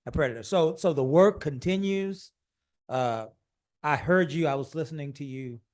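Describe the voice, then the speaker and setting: Earnest man speaking at a council meeting. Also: fairly high pitch. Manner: measured and earnest, frequent "uh" fillers. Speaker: mayor chairing a city council meeting. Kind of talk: formal public remarks and proclamation reading. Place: council chamber.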